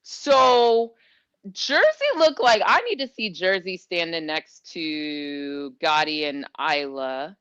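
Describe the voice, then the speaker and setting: A woman's voice: sits low, slow pace, smooth. Female co-host, easygoing analyst, slightly muffled remote audio. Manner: relaxed, joking, thinks aloud. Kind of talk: casual sports chat. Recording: dull lo-fi sound.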